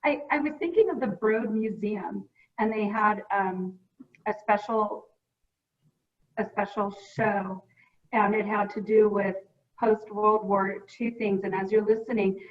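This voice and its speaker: A woman's voice: medium pitch, steady tone, a little slow. Female participant on a call, far from mic, muffled sound, hesitant. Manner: thinking aloud with hesitations. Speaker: webinar participant.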